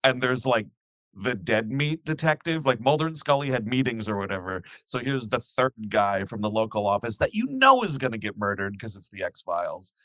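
A man's voice: mid-range voice, normal speed, no room sound. A man in casual podcast chat, rambling and acting out scenes as he retells them. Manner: rambling, animated, acts out scenes while retelling. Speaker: podcast co-host.

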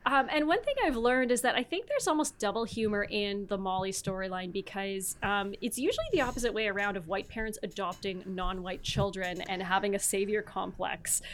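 A woman's voice: mid-range voice, a little fast, hardly any pauses, a little hiss or hum. A woman hosting a podcast, chatting casually about a film with lots of fillers and the odd swear. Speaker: podcast host. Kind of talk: casual chat.

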